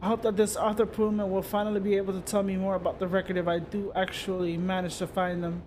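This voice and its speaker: A man reading the narration of a story game aloud, steady, with small slips and restarts. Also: sits high, quick pace, slight background noise. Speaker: streamer.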